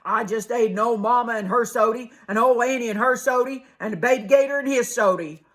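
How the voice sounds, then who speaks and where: A woman voicing a huge, mean, hungry old male snapping turtle in a storybook reading, with a gruff, menacing drawl. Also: a little high, brisk, close to an everyday voice.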